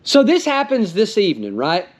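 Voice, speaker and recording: Excitable hunting vlogger man. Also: high voice. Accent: Southern US. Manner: excitable, fast-talking, pumped up. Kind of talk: hunting vlog narration and field commentary. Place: outdoors in the woods.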